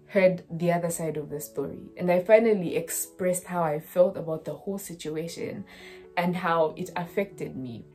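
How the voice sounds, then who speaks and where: A young woman in her twenties with a slightly low voice shares a personal story, earnest and direct, often pausing to check in with her listener. Soft music sits faintly behind her. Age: 20s. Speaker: student vlogger.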